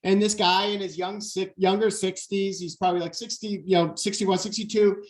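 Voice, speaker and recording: A man in his forties giving a motivational keynote talk, telling stories in an animated way and acting out the quotes. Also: high-pitched, moderate pace. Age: 40s. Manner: animated storyteller, acts out quotes. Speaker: keynote speaker.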